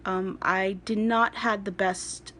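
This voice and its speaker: A woman's voice: medium pitch, steady tone, takes it slowly, a bit bright. A young adult woman chatting casually on a phone recording, introducing herself as a craft vlogger in a rambling way with laughing asides.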